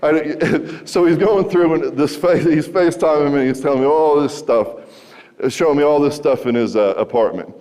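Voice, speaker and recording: A man's voice: a little high, moderate pace, dark tone. A man in his thirties telling a wry, conversational story to a school audience and asking them questions. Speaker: recovery speaker. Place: large school hall. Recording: hall reverb.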